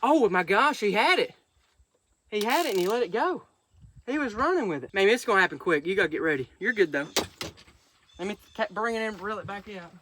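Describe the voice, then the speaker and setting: A high-pitched man with a drawl talks to the camera outdoors beside a pond. He chats casually through a fishing vlog and turns gushing and excitable whenever something surprises him. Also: a little fast, pauses often, a little hiss or hum. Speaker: vlogger.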